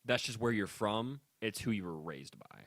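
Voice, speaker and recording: Brief: young male podcast co-host, lowish voice that swings all over, dry close sound, ranty and loose. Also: normal speed, no room sound. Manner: animated, ranting, laughs often. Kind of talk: casual podcast chat.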